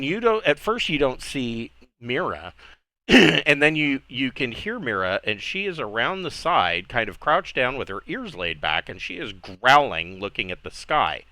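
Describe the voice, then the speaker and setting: A man acting as dungeon master, painting each scene in a slow and deliberate way. His voice sits a little low yet sounds bright and forceful, and the sound is dry and close. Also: no echo, poor audio. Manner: descriptive, casual, frequent restarts. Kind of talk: narrating a tabletop game.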